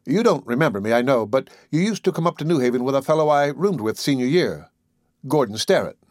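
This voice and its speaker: A man's voice: mid-range voice, animated, fairly quick, no room sound, close to an everyday voice. A cheerful young college man chats in a careless, easy way, as a man reading the story voices him. His voice rises and falls freely. It is recorded close and dry.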